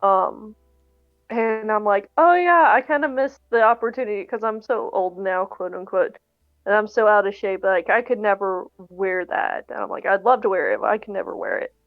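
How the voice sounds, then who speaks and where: A woman's voice: mid-range voice, normal speed, no room sound, phone-quality sound. A woman co-hosting a livestreamed podcast, telling rambling stories in casual chat and losing words partway through. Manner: rambling anecdotes, forgets words. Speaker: podcast co-host.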